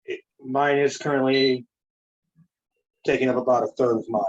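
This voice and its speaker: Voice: mid-range voice, steady tone, normal speed, highs cut off. A home cook on a video call chatting in a matter-of-fact way with dry humor. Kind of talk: casual chat.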